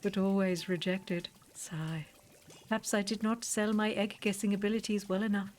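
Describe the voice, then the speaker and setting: A woman reading a gentle, formal male tea shop keeper from a video game, in quaintly stilted phrasing. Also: mid-range voice, fairly even intonation, normal speed, a little hiss or hum, close to an everyday voice. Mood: earnest.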